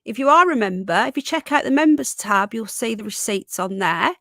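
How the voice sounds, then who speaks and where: Woman, gravelly croaky voice, rambling live stream chat, dry close sound. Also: on the high side, expressive, brisk, fairly bright tone, dry recording. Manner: chatty, rambling, many fillers and restarts. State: voice going croaky.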